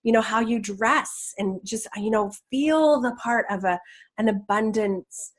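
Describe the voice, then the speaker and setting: A woman's voice: on the high side, measured pace, faint music behind. A woman teaching law of attraction in a casual, enthusiastic talk, chatty with many restarts.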